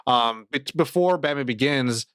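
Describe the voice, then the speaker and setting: A man's voice: medium pitch, measured pace, fairly bright tone, smooth, dry recording, clean studio sound. A man co-hosting a podcast in casual chat, rambling and swearing as he acts out scenes in quoted voices. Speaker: podcast co-host.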